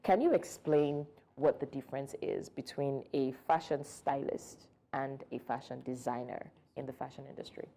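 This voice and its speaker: Woman talk-show host, low dark tone, chatty, laughs easily. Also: normal speed, hardly any pauses. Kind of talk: studio talk show hosting. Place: TV studio.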